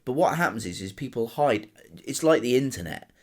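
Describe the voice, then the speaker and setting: A man's voice: mid-range voice, animated, fairly quick. A middle-aged man, co-hosting a podcast in dry, plain-spoken, grumbling chat. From England. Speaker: podcast co-host. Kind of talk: casual chat.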